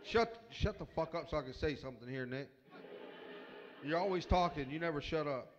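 A man's voice: on the high side, brisk. Crude trash-talking man roasting a friend. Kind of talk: profane improvised roast. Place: pub with guests. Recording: echoey, dull-sounding hall recording.

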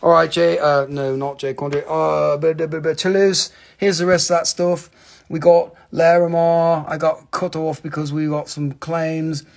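A man's voice: a little high, flat delivery, a little slow, vocal fry. A man hosting a live-stream rock and mineral sale, talking casually into a handheld phone, joking, teasing viewers and swearing freely.

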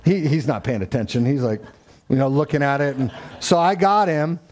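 A man's voice: medium pitch, moderate pace, darkish tone. A man preaching a sermon in an easygoing, conversational way, telling a family story with quoted dialogue. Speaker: pastor.

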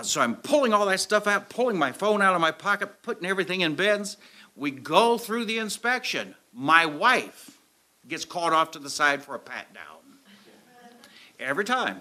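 A man's voice: sits high, sharp tone. A man preaching a sermon, telling a story to a church congregation and acting out the scenes as he goes. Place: church sanctuary with audience. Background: audience laughter.

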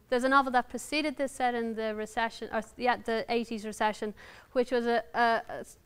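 Before an audience in a university lounge, a woman novelist from Ireland with a fairly high, smooth voice reads from her writing and then answers questions candidly, with wry, self-deprecating humor.

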